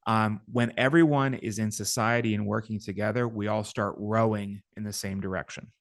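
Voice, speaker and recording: A man, a guest author, explaining his ideas in a measured way during an interview, with some fillers. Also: lowish voice, steady tone, dry recording, clean studio sound. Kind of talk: interview talk.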